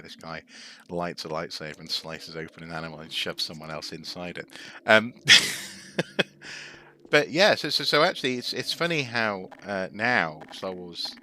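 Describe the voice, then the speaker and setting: A man streaming a video game, chatting in a rambling, self-correcting way as he plays. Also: low-pitched. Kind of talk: gameplay commentary and chat. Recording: steady background noise.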